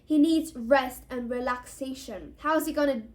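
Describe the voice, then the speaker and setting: A woman reading aloud as a blunt teenage boy with a sarcastic, grumbling edge, pitched a bit high. He complains more than he talks. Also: unhurried, darkish tone, a little hiss or hum.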